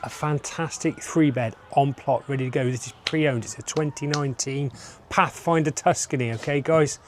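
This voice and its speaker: A man's voice: fairly high pitch, steady tone, normal speed, a little hiss or hum. A man giving an upbeat sales walkthrough of a holiday lodge, moving from room to room and talking to viewers. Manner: upbeat sales patter, keeps addressing viewers. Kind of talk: enthusiastic property walkthrough.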